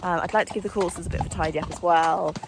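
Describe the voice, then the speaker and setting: A young woman with a fairly low voice chats casually to camera about her day at the stables. She talks in a friendly, self-mocking way. The outdoor recording has clear noise behind her. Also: fairly even intonation, very fast. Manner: chatty, warm-hearted, laughs at herself. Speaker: riding instructor and vlogger. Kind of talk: casual vlog chat to camera.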